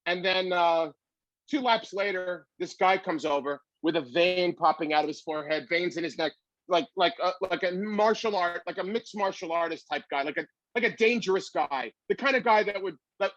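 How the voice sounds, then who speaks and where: A comedian as a guest, telling a long story with animated delivery. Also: male voice, on the high side, dry recording, highs cut off.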